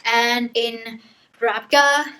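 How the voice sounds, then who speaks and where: Woman, book vlogger, casual recap, slightly high pitch, bright tone, chatty and playful. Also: fairly even intonation, very slow, a little hiss or hum, rough recording. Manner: chatty, loose and playful, acts out quotes.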